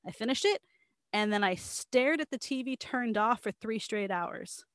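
A woman's voice: a little high, moderate pace, no room sound, clean studio sound. A woman in casual chat, retelling a story at length with lots of "like" and quoted voices. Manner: animated storytelling, quoting others, frequent "like".

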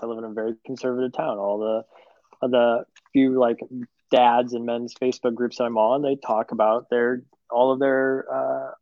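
A man's voice: medium pitch, dry recording. Male podcast co-host, easygoing teasing storyteller, slightly dull dry recording. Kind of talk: casual chat.

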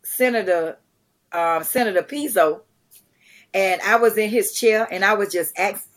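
Woman guest, middle-aged, lively storyteller who acts out each quote, casual interview chat. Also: mid-range voice, unhurried. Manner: animated, acts out quotes, many restarts. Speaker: guest, charity founder. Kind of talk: conversational storytelling.

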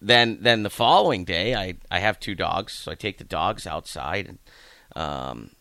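A man's voice: low-pitched, big pitch swings, unhurried, gravelly, a bit bright, dry recording. A man from Ohio, a coach, telling long, rambling anecdotes in a casual interview and acting out the voices of the people in them. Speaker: hockey coach.

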